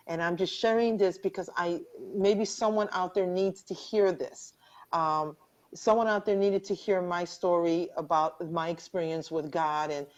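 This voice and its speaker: A middle-aged woman hosting a live video interview, telling a personal story in animated, rushing bursts and earnestly encouraging her guest. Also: lowish voice. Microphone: webcam or phone on a video call. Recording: dull lo-fi livestream audio.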